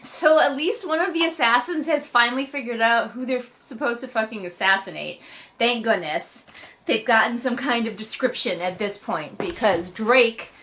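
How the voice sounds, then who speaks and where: A woman's voice: a little high, normal speed, fairly bright tone. A woman hosting a casual book read-along, recapping chapters in a sarcastic, wry way and swearing casually.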